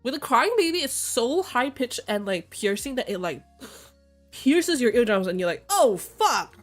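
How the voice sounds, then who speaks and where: A young woman streaming, talking casually and candidly, swearing freely and breaking into excited shrill outbursts. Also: normal speed, faint music behind. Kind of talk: casual chat.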